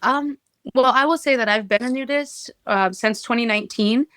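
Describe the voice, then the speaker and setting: A woman's voice: fairly high pitch, normal speed, a bit bright, no room sound. A woman talking as a podcast guest, enthusiastic, open and talkative. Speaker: guest, social media creator. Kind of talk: casual interview chat.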